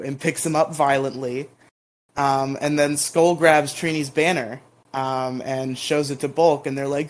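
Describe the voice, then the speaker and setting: A man's voice: on the high side, moderate pace. A man co-hosting a podcast, recapping episodes in a rambling, casual way with lots of ums and bursts of playful mock outrage. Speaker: podcast co-host.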